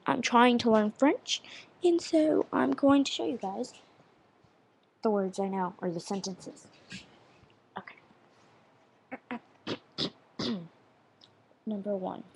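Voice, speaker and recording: A woman's voice: on the high side, slow, vocal fry, pauses often, a little hiss or hum. A young woman in her teens, casually vlogging, rambling and self-deprecating as she practices counting and saying words. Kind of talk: casual vlog chat.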